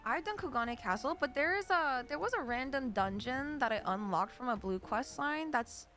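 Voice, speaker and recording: A woman's voice: high-pitched, lively intonation, normal speed, a bit bright, soft background music. A woman chatting casually and rambling while playing a game on stream, often correcting herself. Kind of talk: casual gameplay commentary.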